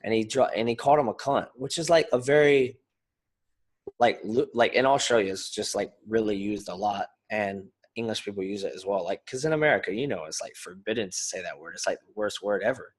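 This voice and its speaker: A man co-hosting a casual podcast, talking in an animated, rambling way and swearing freely. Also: on the low side, brisk, slightly rough. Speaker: podcast co-host, fighter. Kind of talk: casual chat.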